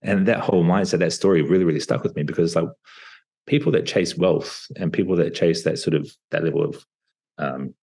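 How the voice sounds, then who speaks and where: A man in his thirties, a podcast guest talking reflectively over a video call, with plenty of pauses and fillers. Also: low-pitched, gravelly, a little mellow, husky. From Australia. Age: 30s. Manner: reflective, hesitant with many fillers. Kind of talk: casual interview talk.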